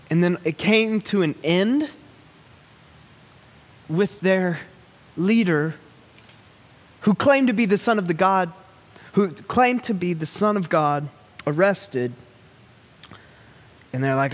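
A man preaching a sermon in a lively, conversational way, repeating phrases for effect. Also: high-pitched, takes it slowly, long pauses, long reverb tail. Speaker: pastor.

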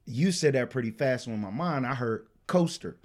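A man's voice: medium pitch, expressive, normal speed. A young man co-hosting a podcast in casual chat, rambling with stammered restarts and plenty of slang and cursing. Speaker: podcast co-host.

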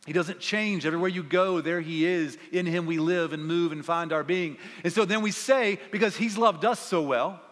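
A man preaching a sermon to a student gathering in an energetic, conversational way that rallies the crowd. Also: fairly high pitch, normal speed, few pauses. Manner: energetic, conversational, rallying the audience. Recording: long reverb in a large hall.

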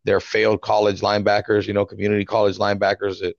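A low-voiced man talking in relaxed slang, calling people bro. The recording is dry and a bit muffled, with no room sound. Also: fast talker, gravelly, dry recording. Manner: laid-back slang, says bro often. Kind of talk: casual chat. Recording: dry, dull lo-fi audio.

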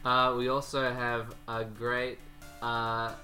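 A man's voice: mid-range voice, little pitch movement, slow pace, bright, forceful tone, soft background music. A man hosting a podcast, introducing his co-hosts with playful jokes in casual chat. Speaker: podcast host.

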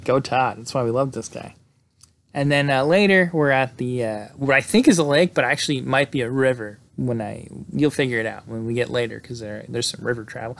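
A man casually retelling a film's plot in a loose, rambling way, full of fillers and quick laughs. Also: mid-range voice, vocal fry. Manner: rambling, lots of "like" and "uh", laughs often. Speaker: podcast host recapping a film. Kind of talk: casual movie recap.

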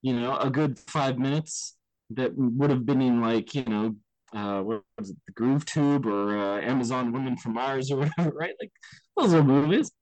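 A man's voice: mid-range voice, moderate pace, no echo, poor audio. Chatty man with a dry sound. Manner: animated, often checks in with "right?". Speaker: podcast co-host. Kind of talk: casual film discussion.

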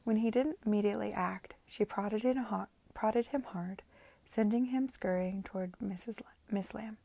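A woman's voice: medium pitch, normal speed, vocal fry, dark tone. A woman reading a novel aloud to friends, casually, often stumbling over words and correcting herself. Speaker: reader.

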